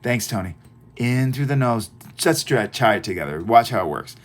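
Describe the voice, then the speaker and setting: A man's voice: medium pitch, lively intonation, moderate pace. A man recording an audio lesson, reading through his self-help book and explaining it in a chatty, repetitive way, often checking in with "right?" and "okay?". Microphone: audio-only recording.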